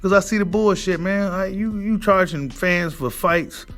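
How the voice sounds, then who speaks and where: A man's voice: high-pitched, normal speed, a bit bright, faint music behind. A man hosting a boxing monologue, ranting in a heated, profane way and asking his audience "right?" again and again. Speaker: boxing commentary host. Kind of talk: casual rant monologue.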